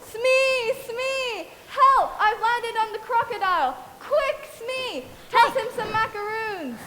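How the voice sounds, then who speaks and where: A woman's voice: high voice, lively intonation, slow pace. A woman on a school stage playing a theatrical, blustering pirate captain, recorded in an echoey hall. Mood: panicked. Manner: theatrical, exclaiming. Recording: echoey hall, faint noise.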